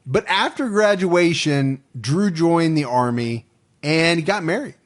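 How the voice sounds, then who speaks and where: A male podcast host with a voice sitting a touch higher than most men's, talking casually with a co-host. He goes through supporter names and then the facts of a case in a dry, matter-of-fact manner. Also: expressive, unhurried. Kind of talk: casual true crime podcast chat.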